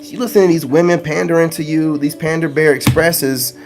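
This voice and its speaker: A blunt, preachy man lectures his viewers in a slangy, conversational rant. His voice sits a little high for a man. He hammers points home by repeating them, and faint music plays underneath. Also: steady tone, fairly quick. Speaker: spiritual self-help vlogger. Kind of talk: ranting monologue to viewers.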